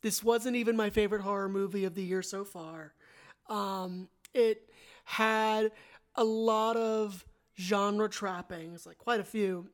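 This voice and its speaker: A woman co-hosting a casual movie review podcast, joking and quick to interject. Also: mid-range voice, fairly even intonation. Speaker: podcast co-host.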